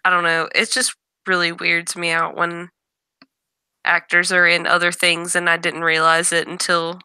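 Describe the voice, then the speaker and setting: A woman's voice: fairly low pitch, monotone, normal speed, bright, forceful tone, smooth, no room sound. A woman co-hosting a casual chat show, talking chattily and readily sharing her opinions.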